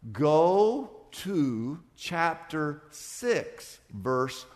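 A male pastor preaching a sermon, acting out back-and-forth dialogues in a lively, conversational way. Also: fairly high pitch, normal speed, long reverb tail.

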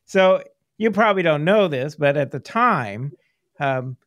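A man's voice: fairly high pitch, animated, measured pace, fairly bright tone, dry recording. A middle-aged man hosting a casual interview, rambling and laughing often as he reminisces. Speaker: podcast host, former filmmaker.

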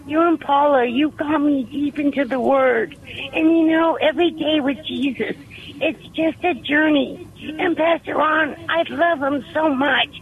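A woman in her fifties phones in, gushing with fervent devotion. Her voice is very high and comes through a thin, tinny phone line. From Texas. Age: 50s. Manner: fervent, effusive, repetitive. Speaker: caller. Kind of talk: phone-in testimony.

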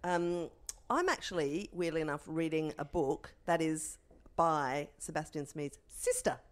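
This is a woman, her voice sitting low. She chats casually on a home podcast, drifting through ums and light self-mockery. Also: unhurried. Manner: chatty, self-mocking, with filler ums. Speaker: podcast co-host. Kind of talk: casual chat.

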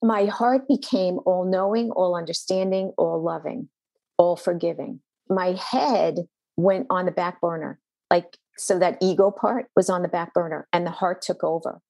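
A woman's voice: fairly low pitch, fairly even intonation, normal speed, creaky, dark tone, no room sound. A woman pastor, a podcast guest, telling a personal faith story in an earnest, intense way with a shifting pace.

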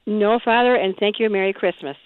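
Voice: medium pitch, brisk, smooth, no echo, phone-quality sound. A caller on a radio show, asking a question hesitantly and with a laugh. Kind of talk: call-in question.

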